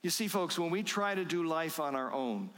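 Male pastor, sermon delivery, slightly high voice, slow emphatic rhetorical questions, reverberant hall. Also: animated, fairly bright tone.

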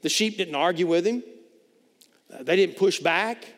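A man's voice: high voice, moderate pace. A pastor preaching a sermon in a conversational way, often repeating words as he builds his points. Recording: long reverb of a large hall.

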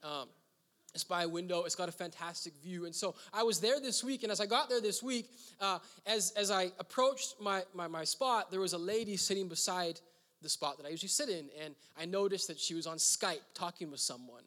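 A man's voice: high voice, fairly quick, fairly bright tone. A man preaching as pastor in a church hall, telling a story in a loose, conversational way with frequent "uh" fillers. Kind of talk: sermon storytelling. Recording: reverberant hall.

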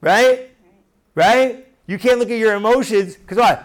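A man's voice: high-pitched, measured pace. A man preaching a sermon in a loose, conversational way, often restarting phrases and asking the room if they follow. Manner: conversational, animated, repeats and restarts phrases, asks the room questions.

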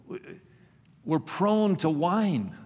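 A man preaching a sermon, slow and emphatic, often repeating words as he starts a sentence. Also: sits high, expressive, a little mellow, big-room sound.

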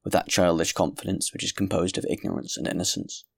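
A man narrating a classic novel in a measured, grave reading voice. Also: deep voice, little pitch movement, creaky, no echo, clean studio sound. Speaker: audiobook narrator. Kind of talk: scripted narration.

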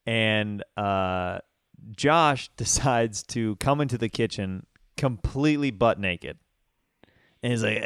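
A man's voice: on the low side, slow, fairly bright tone, smooth, dry recording, clean studio sound. A male podcast host telling a story animatedly in casual chat, calling people dude.

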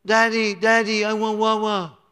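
A man voicing a whiny little boy who asks for comforts in high baby talk. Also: little pitch movement, moderate pace, bright, forceful tone, clear, resonant tone. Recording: long church hall reverb.

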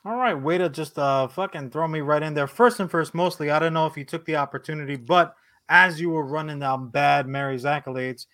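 Male co-host, casual and slangy, fairly high voice. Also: brisk, a bit bright. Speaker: podcast co-host. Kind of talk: casual podcast chat with sponsor reads.

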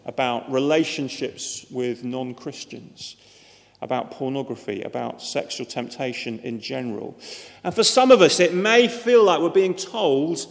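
A man's voice: on the high side, creaky. A man preaching a sermon in an earnest, emphatic manner, with repeated words at times. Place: church. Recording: reverberant church hall.

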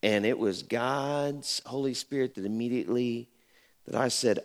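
A man's voice: medium pitch, lively intonation, normal speed, a bit bright. A middle-aged man preaching a sermon in a church, telling stories conversationally and building to emphatic exhortation. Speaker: pastor. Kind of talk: sermon with storytelling.

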